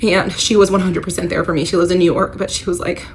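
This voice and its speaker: Woman vlogger, lowish voice, candid emotional storytime, faint background noise. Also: little pitch movement, fast talker. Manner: emotional, candid, uses filler "like" often. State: tearful at moments. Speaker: storyteller recounting her marriage. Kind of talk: confessional storytime vlog.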